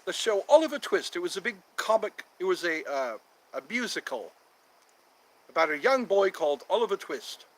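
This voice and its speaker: A man's voice: sits high, very animated, normal speed, poor audio. A man hosting a casual livestream, chatting with viewers in a playful, jokey, teasing way. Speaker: livestream host.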